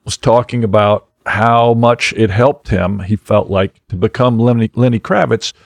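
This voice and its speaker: A man's voice: on the low side, fairly even intonation, normal speed, creaky, no echo, clean studio sound. A man who is a magician guest, chatting casually in a rambling, self-deprecating way and laughing often. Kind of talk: casual podcast chat.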